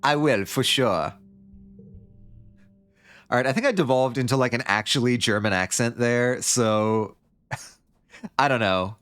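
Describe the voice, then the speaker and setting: A man's voice: medium pitch, normal speed, a bit bright, clean tone, faint music behind. A man streaming a story game, reading its text aloud with playful asides.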